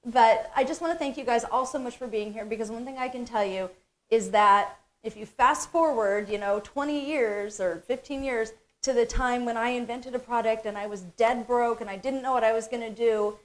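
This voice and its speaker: A woman's voice: a little high, moderate pace. Effusive woman CEO hosting a live stream. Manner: emotional, effusive, with bursts of excitement.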